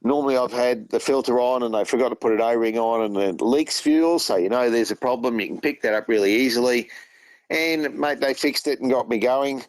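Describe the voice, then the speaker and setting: Talking a little fast in a mid-range voice, a man with an Australian accent spins long, wandering stories and repeats what other people said. He's a truck driver and regular guest on a casual phone-in; the audio is poor, with no echo.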